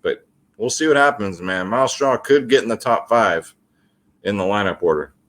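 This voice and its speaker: A man's voice: fairly low pitch, expressive, normal speed, fairly bright tone. A man hosting a fantasy sports picks video, talking casually and addressing his viewers as guys.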